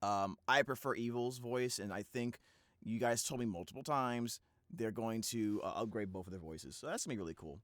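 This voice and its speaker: A man's voice: lowish voice, normal speed, fairly bright tone, dry recording, clean studio sound. A man hosting a reaction video in casual, rambling talk full of fillers and restarts.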